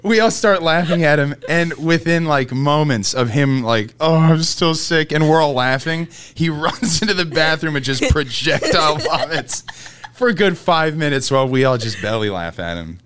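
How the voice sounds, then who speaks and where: Animated young man telling a story. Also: on the high side, normal speed, clean tone. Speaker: guest comedian. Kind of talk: casual storytelling chat.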